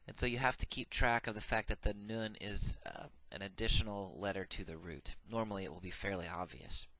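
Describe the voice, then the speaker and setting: A man's voice: fairly low pitch, a bit bright, no echo. Methodical man teaching grammar, dry sound. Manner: methodical, repeats each form twice, many "uh" fillers. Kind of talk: recorded classroom lecture.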